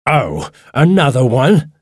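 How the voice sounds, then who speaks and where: A man voicing a big, rough, angry grown man in a storybook reading, with a gruff, irritated way of talking. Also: mid-range voice, animated, moderate pace, no room sound, clean studio sound, pitched above the performer's own voice.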